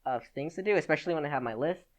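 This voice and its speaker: A man's voice: a little high, lively intonation, racing. A teenage boy hosting a solo podcast in a rambling, casual chat, full of fillers and restarts. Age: teens. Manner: rambling, chatty, with many "like"s and restarts. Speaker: podcast host.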